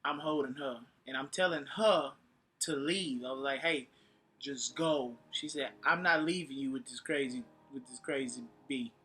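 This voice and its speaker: A man's voice: medium pitch, moderate pace, slightly rough. A man on a vlog telling a story in casual talk, acting out what people said and laughing often. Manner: animated, acts out quotes, laughs often. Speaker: vlogger recounting a fight. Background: faint background music.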